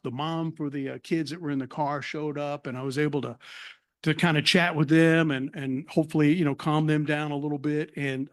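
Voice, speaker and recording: Middle-aged man, earnest testimony speaker, halting and unpolished, slightly high voice. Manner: earnest storytelling with many fillers and restarts. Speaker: actor sharing a faith story. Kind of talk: personal testimony talk. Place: cafe event.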